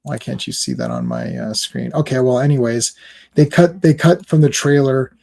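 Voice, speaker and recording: A man reviews a movie trailer in loose, rambling reaction commentary, full of fillers and exasperated asides. His voice has a gravelly, fry-laden edge at a middling pitch. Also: sing-song, normal speed, a little mellow.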